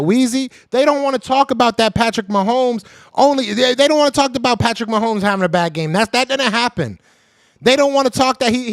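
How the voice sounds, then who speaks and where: A man's voice: very high voice, no room sound, clean studio sound. A man hosting a live-streamed sports podcast, ranting heatedly in slang and repeating his points for emphasis while calling out viewers in the chat. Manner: heated, trash-talking, repeats himself for emphasis. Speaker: podcast host.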